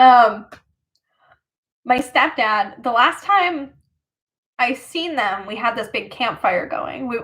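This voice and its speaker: Woman streamer, casual storyteller, rambles with fillers and laughs, high voice. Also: a bit bright. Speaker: livestreamer.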